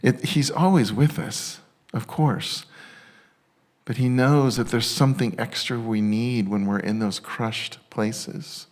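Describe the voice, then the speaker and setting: A male pastor with a mid-range voice preaches a sermon, excitable and halting with many restarts. At times he turns tender and emotional.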